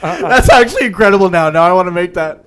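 A man with a slightly high voice, chatting on a casual podcast. He jumps in with quick jokes and playful banter, riffing on the ideas of the others. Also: animated, fairly bright tone, smooth. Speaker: podcast co-host. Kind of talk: casual chat.

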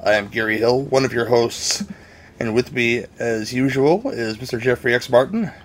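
A man hosts a casual movie podcast, chatting with his co-hosts. He jokes a lot and rambles from one thought to the next. His voice sits at a middling pitch. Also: normal speed, slight background noise. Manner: joking, rambling. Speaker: podcast host. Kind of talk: casual chat.

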